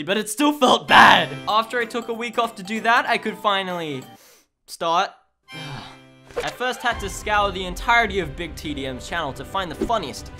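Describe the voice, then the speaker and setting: A young man in his late teens narrating a comedic storytime as a YouTube animator, sarcastic and animated, jumping from mock-dramatic shouts to low mumbled asides. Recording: background music under voice.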